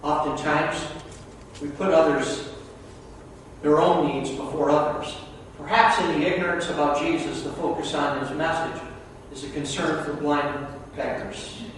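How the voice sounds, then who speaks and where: A male pastor preaching a sermon, moving between hushed and loud, emphatic delivery, recorded from far off in an echoey church hall. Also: fairly high pitch, steady tone, unhurried, a little hiss or hum.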